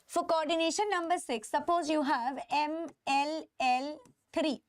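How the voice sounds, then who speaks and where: A woman with an Indian English accent teaches chemistry in a live online class, drawing out stressed key terms and checking in with her students constantly. Her voice sits high with a steady tone, recorded in studio quality with no echo.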